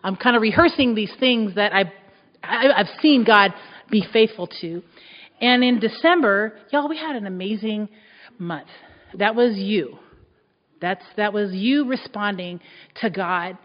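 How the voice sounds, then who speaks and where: A woman pastor preaching a sermon, emphatic and repeating key phrases, her voice rising loud and dropping soft. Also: mid-range voice, unhurried. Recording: echoey hall, dull muffled sound.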